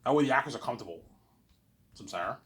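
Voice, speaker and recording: A man hosting his own series, talking in a casual, excitable, rambling way and often repeating words as he restarts. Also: medium pitch, quick pace. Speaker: host of a listening series.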